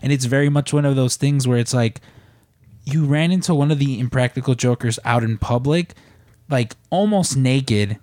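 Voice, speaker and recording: A man's voice: medium pitch, normal speed, a little mellow, dry recording, studio quality. A man hosting a casual podcast, telling long rambling stories with lots of fillers and restarts. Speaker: podcast host.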